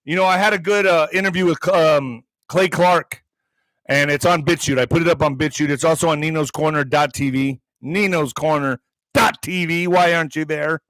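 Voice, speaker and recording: A man's voice: on the high side, fairly even intonation, moderate pace, a bit bright, no room sound. A man hosting a political commentary stream, reading headlines aloud and breaking into heated, profane, sarcastic asides. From Mexican heritage.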